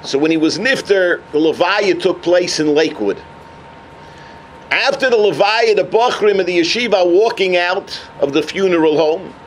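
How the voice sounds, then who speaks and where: Animated high-voiced rabbi telling a story. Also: male voice, moderate pace, a little hiss or hum. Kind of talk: sermon on the weekly portion.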